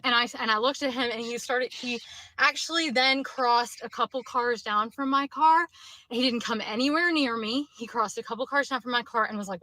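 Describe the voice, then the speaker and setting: Woman ranting to her phone cam, high bright voice, emphatic, dry sound. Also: moderate pace, no echo, rough recording. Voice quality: emphatic, repeats herself. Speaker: woman in a played clip. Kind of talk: monologue to camera.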